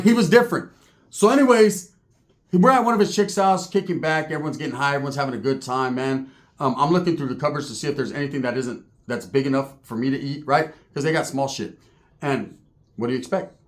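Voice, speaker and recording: A man's voice: medium pitch, expressive, quick pace. A man telling rambling, profane, joking stories in casual talk. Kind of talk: casual storytelling.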